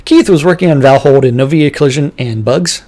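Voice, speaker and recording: Livestream host, a man of average pitch running through a team update list. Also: darkish tone, soft background music. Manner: brisk list-reading, breaking into laughing banter.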